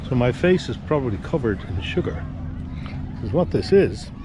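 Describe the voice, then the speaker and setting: A man's voice: medium pitch, sing-song, moderate pace, crowd noise. Chatty middle-aged Irish man outdoors. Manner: chatty and easygoing, rambling with fillers. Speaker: travel vlogger. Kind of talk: casual chat to camera. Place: outdoors on a busy street. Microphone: handheld action camera. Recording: outdoor street noise behind.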